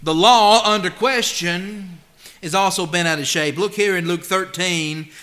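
A man preaching a sermon. He speaks emphatically, swings between loud and hushed, and reads scripture slowly and deliberately. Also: sits high.

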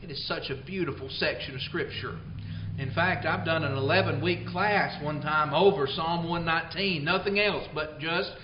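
A man preaching a sermon in a church, folksy and unhurried, reading scripture slowly. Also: on the high side, slight background noise. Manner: folksy storytelling, slow deliberate scripture reading. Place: church auditorium. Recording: roomy, slightly dull church radio broadcast.

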